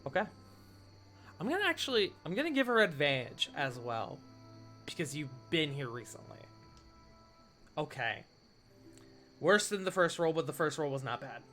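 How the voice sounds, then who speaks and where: A man's voice: a little high, sing-song, moderate pace, pauses often, sharp tone, faint music behind. A man running a tabletop game as game master, narrating casually with many fillers and restarts.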